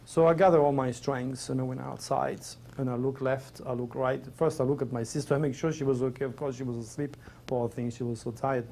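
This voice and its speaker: A middle-aged Frenchman with a French accent speaks in a rough, gravelly voice at a middle pitch. He tells his personal story in an earnest, rambling, emotional way. A faint hiss of noise sits under his voice. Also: fairly even intonation, brisk, mellow. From Provence, France. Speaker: interview guest.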